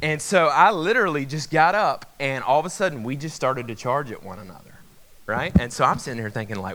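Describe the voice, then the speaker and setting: A man preaching a sermon, telling a personal story with animated voices and sudden drops to a hush. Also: mid-range voice, brisk. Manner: animated storyteller, acts out voices, jumps from hushed to loud. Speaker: pastor.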